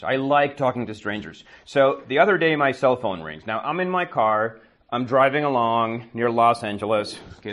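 A man recounts a story to a class in an animated way. His voice swings widely in pitch, and he keeps checking that the listeners follow with "right?". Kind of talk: storytelling to learners.

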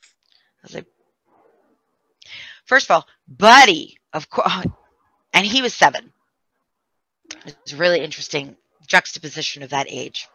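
A woman candidly recounting a painful family story in an emotional way, with vocal fry. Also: sits low, sing-song, measured pace, pauses often, sharp tone, dry recording. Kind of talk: personal storytelling. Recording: dull, dry lo-fi sound.

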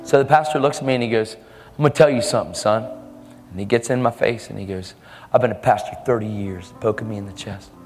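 Preaching a sermon, this man earnestly tells a story and voices the people in it. His voice is lowish and a little mellow, and he moves at a quick pace. Faint music and long hall reverb fill the recording.

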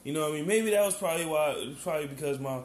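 An American man delivers a heated, rambling rant in a somewhat high voice. His talk is full of profanity and restarts. He keeps checking in with the listener. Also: rapid-fire. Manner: keeps asking "you know what I'm saying". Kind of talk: ranting monologue.

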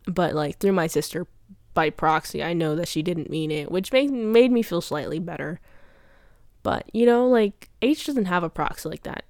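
A woman's voice: lowish voice, normal speed, no room sound, studio quality. A young woman talking through a personal diary podcast, rambling and confessional, full of fillers. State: teary.

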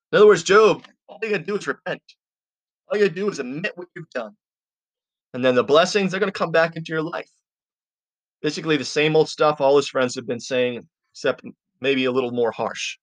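A man with a voice pitched a little above average leads a podcast Bible teaching. He reads scripture aloud and then unpacks it in loose, everyday language, talking to his listeners in a friendly, informal way. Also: dry recording. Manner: reads scripture, then explains it in plain casual talk; informal, addresses listeners as "you guys".

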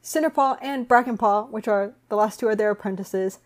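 A woman's voice: medium pitch, brisk. Chatty woman summarizing a book. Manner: chatty, uses fillers like "like" and "um". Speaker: book podcast host. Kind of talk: casual chat.

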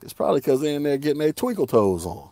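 A man rants on his own podcast in loose street slang, his pitch swinging widely as he laughs and circles back over the same points. The sound is dry and close, with no room echo. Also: quick pace. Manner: animated, slangy, laughs often, repeats himself. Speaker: podcast host. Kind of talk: casual solo podcast rant.

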